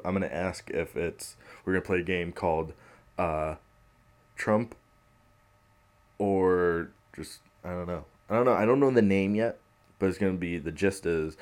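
A young man rambles through the news in a relaxed, rambling podcast chat, cursing freely and chuckling at his own points. His voice sits very low, and he takes his time with every sentence. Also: slight background noise. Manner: laid-back, rambling, laughs often, swears. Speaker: podcast host. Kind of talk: casual commentary on news.

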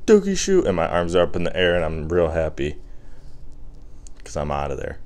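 A man's voice: rumbling low, steady tone, normal speed, smooth. A young man hosting a podcast, rambling through casual chat with crude jokes and lots of fillers.

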